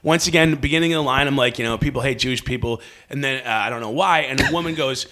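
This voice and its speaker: A male stand-up comedian telling animated stories about gigs in a casual podcast chat. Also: medium pitch. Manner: animated storyteller, quick asides.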